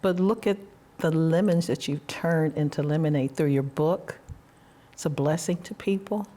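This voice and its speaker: Warm and low-sitting, this woman's voice moves at a moderate pace as she hosts a sincere podcast interview. She offers reflective stories of her own and encourages her guest with affirming questions.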